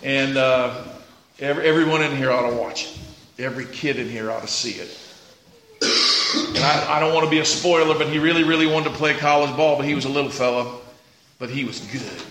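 A man preaching a sermon as pastor, moving from quiet storytelling to loud shouted exclamations. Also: mid-range voice. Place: church sanctuary. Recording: echoey church room.

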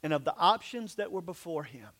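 Male pastor, high voice, dramatic sermon storyteller with hushed drops. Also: lively intonation, a little fast. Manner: dramatic storytelling with sudden drops to near-whisper.

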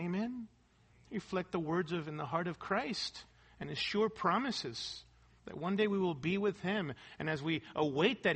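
A man's voice: high-pitched, sharp tone, husky. A male pastor preaching a sermon, asking the congregation for amens and posing rhetorical questions as he reads scripture. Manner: preaching with call-and-response "amen" and rhetorical questions; reads scripture and quotes aloud, sometimes half-singing a hymn.

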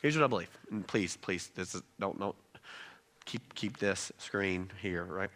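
A man's voice: deep voice, unhurried, fairly bright tone. A man preaching a sermon in a loose, joking, conversational way, often checking in with his listeners. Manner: joking, conversational, keeps asking "right?". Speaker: pastor. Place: church in Rome, Georgia.

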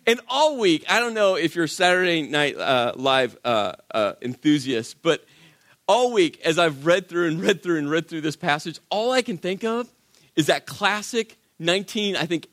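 Male pastor, high voice, conversational emphatic sermon delivery, dry close sound. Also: lively intonation, measured pace, a bit bright, no echo. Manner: conversational and emphatic, with rhetorical questions.

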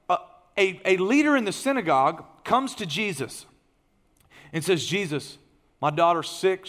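A man preaching a sermon, telling a story in an animated way and swinging from loud, excited passages to hushed ones. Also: high voice. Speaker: pastor.

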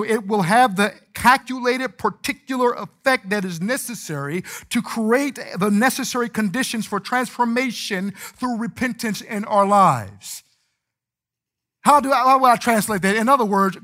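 A man's voice: sits high, moderate pace. A man preaching a sermon, acting out scripture and stories in character. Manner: animated preaching, acts out scripture and anecdotes in character. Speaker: pastor.

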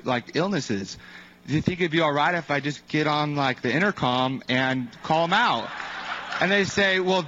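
Rambling male storyteller, slightly high voice, lo-fi. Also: fairly bright tone. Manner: rambling storyteller with many fillers and acted-out quotes. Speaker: evangelist sharing a testimony. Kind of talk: casual spoken testimony. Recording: dull lo-fi recording.

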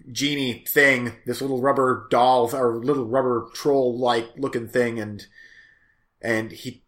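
Man host, slow rambling casual chat, fillers and restarts, echoey room. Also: medium pitch, a bit bright. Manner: rambling, halting, many fillers and self-corrections. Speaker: host reviewing movies.

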